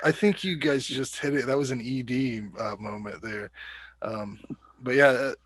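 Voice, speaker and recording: A man in casual movie-club chat, laid-back, swearing freely and filling pauses with ums and uhs. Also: mid-range voice, fairly bright tone, husky, no room sound. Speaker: podcast co-host.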